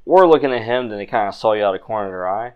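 A man's voice: lowish voice, lively intonation, racing, clean tone, dull audio. A man running a tabletop game as game master, narrating loosely with laughs and fillers.

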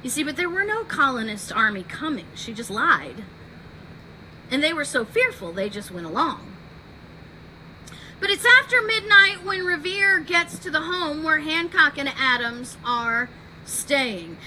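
A woman podcast host telling a history story in an animated way, acting out the quotes. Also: high voice, unhurried, slight background noise, rough recording.

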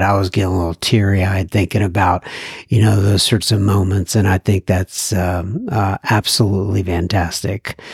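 A man's voice: fairly low pitch, a little mellow, breathy edge, no echo, studio quality. A man hosting a podcast conversation, talking in a rambling way with lots of "you know"s. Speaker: podcast host. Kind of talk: casual conversation.

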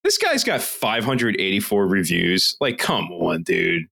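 A man's voice: low-pitched, huge pitch swings, unhurried, creaky, sharp tone. A man co-hosting a casual podcast, ranting with a lot of swearing and reading reviews aloud. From Philadelphia area. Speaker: podcast co-host.

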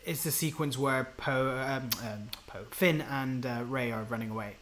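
A man co-hosting a casual podcast chat, enthusiastic and quick to laugh and tease. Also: medium pitch, fairly bright tone, slight background noise. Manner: enthusiastic, laughs easily, teasing. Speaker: podcast co-host.

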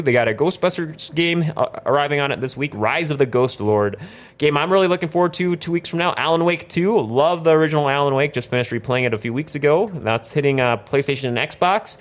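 A man's voice: fairly high pitch, fast. A man from North Dakota hosting a casual gaming podcast, rattling off new game releases in a playful, rambling way. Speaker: podcast host. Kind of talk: casual chat, news rundown.

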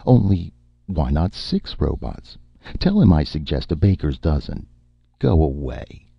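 A man voicing an irritable, sarcastic male writer who speaks in a low, restrained voice in an audiobook reading. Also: very animated, unhurried, creaky, slightly rough, no echo, heavily acted. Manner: curt, sarcastic, restrained anger. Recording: muffled lo-fi recording.

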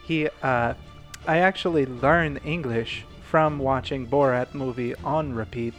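A man's voice: medium pitch, unhurried, soft background music, close to an everyday voice. A man voicing a young adult daughter with a thick mock foreign accent and broken English, playful and giggly.

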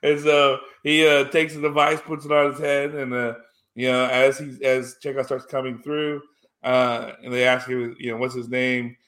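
A man's voice: mid-range voice, level tone, normal speed, fairly bright tone. A man co-hosting a podcast, chatting casually about a film with many fillers and restarts. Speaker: podcast co-host. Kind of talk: casual film review chat.

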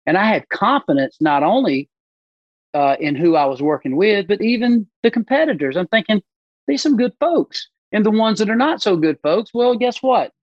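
A man's voice: high-pitched, normal speed, no room sound, highs cut off. A man talking as a podcast guest, telling stories animatedly and acting out the voices of people he quotes. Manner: animated storyteller who acts out quoted voices. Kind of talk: casual podcast conversation.

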